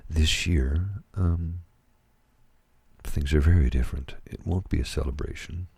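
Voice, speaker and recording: A tired man from Canada, talking slowly and haltingly at home at night in a soft ASMR manner, with many fillers and restarts. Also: very deep voice, vocal fry, slightly rough, no echo. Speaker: ASMR channel host. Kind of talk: soft-spoken ASMR personal talk.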